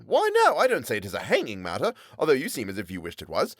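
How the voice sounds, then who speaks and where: A man's voice: fairly low pitch, huge pitch swings, fast talker, no room sound, studio quality. A man voicing a boastful, chatty male tailor in an audiobook, blustering and gossipy. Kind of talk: audiobook character voice.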